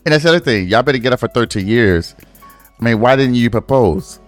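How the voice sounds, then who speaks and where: A man's voice: medium pitch, lively intonation, fairly quick, faint music behind. A man hosting a casual true-crime podcast, talking bluntly, swearing and teasing his co-host. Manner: blunt, opinionated, swears and teases.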